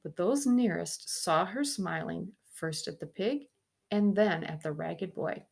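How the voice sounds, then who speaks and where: A woman reading a children's book aloud, expressive and stopping to explain the pictures to young listeners. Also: lowish voice, measured pace, gravelly. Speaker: storybook reader.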